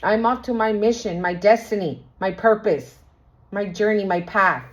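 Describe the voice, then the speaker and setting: A woman's voice: mid-range voice, moderate pace, lightly acted. A woman voicing a brash, dismissive man who is walking out on his ex. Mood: gloating. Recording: lo-fi recording.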